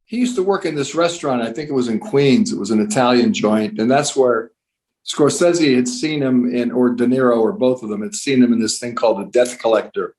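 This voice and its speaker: A man's voice: medium pitch, poor audio. A male podcast guest, his voice sitting in a middle register. He tells anecdotes casually and with animation, stumbling over repeated words and launching into voices when quoting people. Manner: animated anecdotes, slips into character voices for quotes; halting, repeats words and restarts. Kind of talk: casual storytelling chat.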